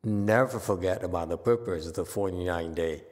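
A man's voice: normal speed, darkish tone. Man, chatty buddhist teacher, laughs a lot, long reverb from a hall. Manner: chatty, laughs often, swings between low and emphatic. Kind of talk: informal dharma talk answering questions.

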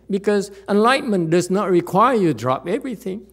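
Man, dharma talk, fairly high voice, animated, rhetorical, fillers and restarts. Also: fairly quick. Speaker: Buddhist teacher.

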